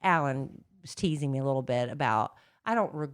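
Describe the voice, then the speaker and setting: A woman's voice: rumbling low, animated, a little fast. A middle-aged woman co-hosting a podcast, rambling and gossipy in casual chat, with lots of fillers. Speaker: podcast co-host.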